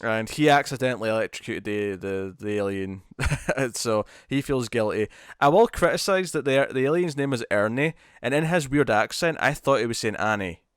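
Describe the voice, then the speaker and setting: A man co-hosting a casual review chat, talking in animated bursts full of restarts and repeated words. His voice sounds smooth and resonant. The recording is dry, with no room sound. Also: medium pitch, moderate pace, dry recording. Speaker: podcast co-host.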